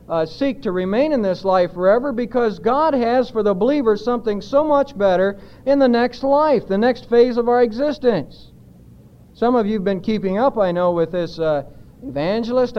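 A man delivers a sermon with a notably high voice, pressing his points with emphasis. He throws rhetorical questions out to the congregation. The recording is muffled and lo-fi, with its highs dulled. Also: smooth. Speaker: pastor. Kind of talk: expository sermon.

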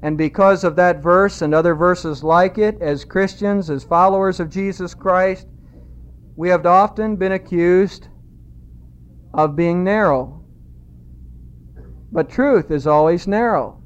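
A man preaching a sermon, emphatic and repeating key phrases, slowing down when he quotes scripture. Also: high voice. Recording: dull lo-fi sound.

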